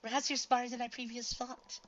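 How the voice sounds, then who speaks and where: A woman's voice: on the high side, little pitch movement, fast talker, dull audio, a little hiss or hum, voice pushed up, lightly acted. A woman voicing a grumpy, cynical pony mare who talks coldly and grumbles. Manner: cold, grumbling.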